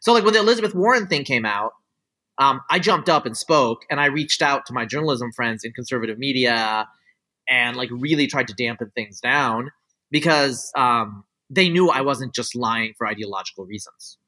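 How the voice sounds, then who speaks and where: A man's voice: medium pitch, lively intonation, normal speed, sharp tone. A man talking as a guest scientist in a casual interview, rambling and opinionated, full of fillers. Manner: rambling, heavy on "like" and "you know" fillers; opinionated, explaining his views at length.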